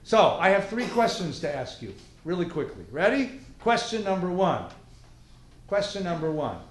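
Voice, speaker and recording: A man's voice: high-pitched, sing-song, normal speed. A man giving an interactive class lecture, animatedly quizzing his audience. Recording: roomy lecture hall.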